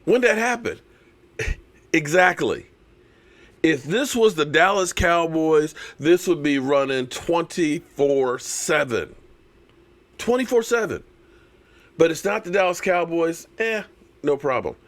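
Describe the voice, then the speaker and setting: Lively, mocking male sports streamer. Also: on the high side, takes it slowly, pauses often. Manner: animated, mocking and sarcastic, many repeats. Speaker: sports channel host. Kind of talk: live-stream fan commentary.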